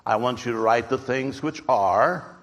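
Male preacher, mid pitch, emphatic sermon voice in a reverberant church sanctuary. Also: measured pace, a bit bright, dull audio. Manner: emphatic preaching with rhetorical questions. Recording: long hall reverb.

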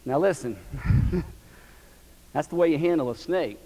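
A man's voice: on the high side, a little slow, warm tone, in a large hall, rough recording. A man preaching a sermon as pastor, telling stories in a folksy, emphatic way.

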